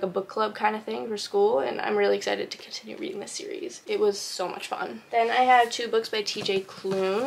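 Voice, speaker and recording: A woman's voice: mid-range voice, creaky, a little hiss or hum. A young woman vlogging about her book pile in a chatty, rambling way, often correcting herself. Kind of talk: casual chat. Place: home room by bookshelves.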